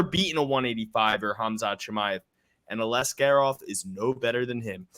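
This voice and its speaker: A man's voice: medium pitch, brisk, pushed and bright. A man co-hosting a sports betting podcast, brash, profane and emphatic in casual chat. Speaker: podcast co-host making fight picks.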